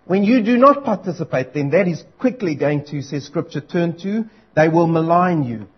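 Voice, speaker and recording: A man delivers an earnest, urgent sermon, repeating his key lines for weight. His voice sits high and a little husky. The recording is dull and lo-fi. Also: lively intonation, moderate pace. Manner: earnest, urgent preaching with emphatic repetition. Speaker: preacher.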